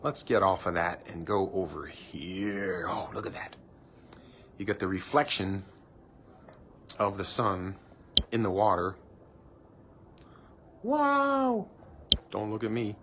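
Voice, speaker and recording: A man's voice: deep voice, sing-song, takes it slowly, long pauses, fairly bright tone, a little hiss or hum. A man live streaming from his cruise ship balcony on a handheld phone, chatting playfully and teasing himself while he narrates what he sees. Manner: chatty, playful, self-mocking banter.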